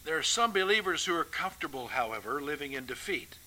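A man's voice: on the high side, animated, fast, bright, forceful tone, slight background noise, low-quality recording. A man preaching a sermon with emphatic rhetorical questions and folksy asides.

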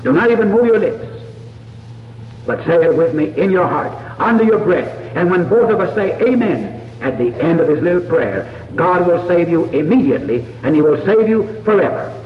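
Earnest preacher man, lively pitch, echoing hall. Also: slight background noise. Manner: earnest, pleading, slow deliberate phrasing. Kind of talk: sermon altar call. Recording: dull lo-fi echoey hall from far off.

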